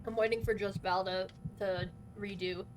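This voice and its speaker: A woman's voice: medium pitch, steady tone, moderate pace, slight background noise. A woman streaming a game, chatting casually, flustered and swearing as she talks. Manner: swearing, flustered, laughing often.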